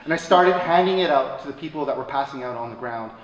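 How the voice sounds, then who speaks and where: A man telling a personal story at a live show, swinging between loud excited bursts and quiet somber lines. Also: medium pitch, quick pace, highs cut off. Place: stage at a live radio show. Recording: echoey stage from a distance, faint room noise.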